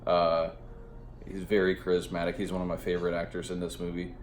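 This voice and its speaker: A man's voice: deep voice, completely flat delivery, brisk, reverberant, slight background noise. A man giving a casual spoken movie review, rambling and profane, with lots of filler words.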